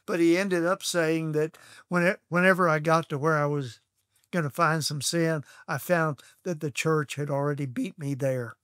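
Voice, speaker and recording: An older man from Texas, a guest on an interview show, telling stories from his past in an unhurried, anecdotal way. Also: a little high, steady tone, a bit bright, no room sound, clean studio sound. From Texas, USA. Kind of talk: reminiscing storytelling.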